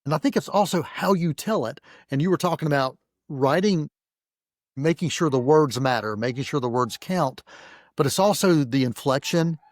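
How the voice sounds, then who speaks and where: A man hosting an interview, asking measured, thoughtful questions. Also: a little high, lively intonation, dry recording, studio quality. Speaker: podcast host. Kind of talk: interview conversation.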